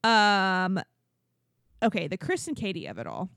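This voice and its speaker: Her medium-pitched voice swoops wildly, sounding creaky and a bit bright as she talks in an unhurried way. She's a podcast co-host casually recapping reality TV, full of likes and ums, acting out quotes as she goes. The sound is clean studio audio without room tone.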